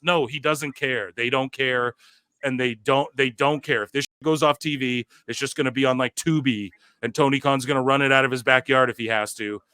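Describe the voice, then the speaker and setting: A man's voice: on the high side, moderate pace, sharp tone, smooth, dry recording. A man co-hosting a wrestling talk show, ranting in an exasperated, profane way and repeating himself with lots of filler words. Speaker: podcast co-host. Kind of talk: heated wrestling-commentary rant.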